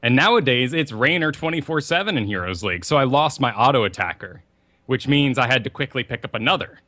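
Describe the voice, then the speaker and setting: A young man with a bright, forward voice co-hosts a gaming podcast. His pitch swings widely as he tells rambling stories with a lot of energy. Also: quick pace. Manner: animated, rambling storyteller. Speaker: podcast co-host. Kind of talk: casual podcast chat.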